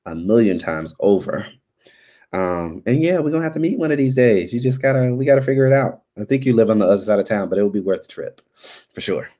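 A man's voice: on the low side, lively intonation, fast talker, dark tone. A man hosting a live stream, chatting loosely as he signs off, with many ums and restarts. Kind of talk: casual live stream sign-off chat.

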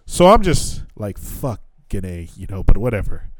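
Speaking at a normal pace in a lowish voice with wide swings in pitch, an American podcast host in his thirties tells a long travel story. It's casual, profanity-laden storytelling with laughs and dialogue he performs for everyone involved, captured dry.

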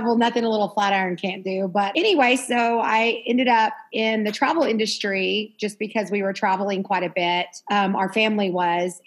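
A woman from New Mexico with a West Texas accent, a travel agent guest chatting in a friendly, self-deprecating way. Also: mid-range voice. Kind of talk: casual chat.

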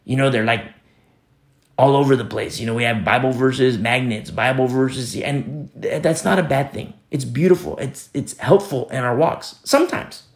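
A man's voice: medium pitch, normal speed, gravelly. A man preaching a sermon, stressing points by repeating phrases and telling stories with casual asides. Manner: storytelling asides with fillers.

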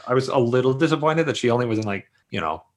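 A man co-hosting a podcast in casual chat, relaxed and full of "like" fillers. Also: medium pitch, quick pace. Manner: relaxed, filler-heavy with lots of "like". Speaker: podcast co-host.

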